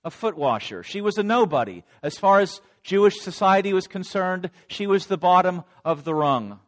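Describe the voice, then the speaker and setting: Man doing an ashamed grown disciple, first-person telling, slightly high voice. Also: expressive, normal speed. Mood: remorseful. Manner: dramatic first-person storytelling. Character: remorseful adult male disciple recounting denial. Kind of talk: first-person dramatic monologue.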